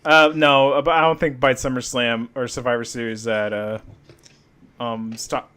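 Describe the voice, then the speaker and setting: A man's voice: mid-range voice, flat delivery, moderate pace, pushed and bright, clean tone. A young man co-hosting a casual wrestling podcast, joking, swearing and mimicking people in silly voices. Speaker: podcast co-host.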